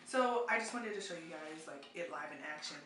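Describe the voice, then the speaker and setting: A woman's voice: low-pitched, animated, a little fast, loud music behind the voice. A woman chatting loosely on camera at home, heavy on fillers and slang. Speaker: cooking vlogger. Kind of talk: casual on-camera chat. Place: home, eating soup. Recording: echoey room with background noise.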